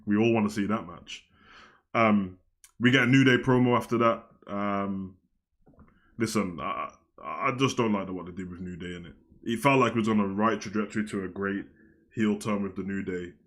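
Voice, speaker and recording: A young man, casually reviewing a wrestling show on a live stream, animated and slangy, jumping from loud outbursts to mumbled asides. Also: fairly low pitch.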